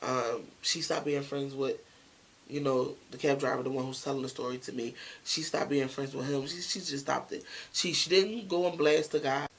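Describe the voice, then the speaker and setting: A storytime vlogger who chats casually and talks straight to the viewers. The voice is gravelly, with a husky edge to it. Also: mid-range voice, steady tone, normal speed, fairly bright tone, rough recording. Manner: chatty, speaks straight to viewers.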